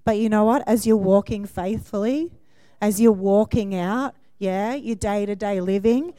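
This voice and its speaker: A woman in her forties preaches a sermon in a warm, conversational style, laughing and checking in with listeners with frequent "yeah?" Her voice is mid-range at a moderate pace, and the recording is dry.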